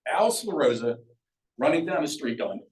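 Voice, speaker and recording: Speaking at a moderate pace, an older Sea Isle City, New Jersey, man shares his memories at a museum storytelling talk. His middle-pitched delivery is lively and chatty, with acted-out quoted voices, and the far-off mic captures an echoey hall.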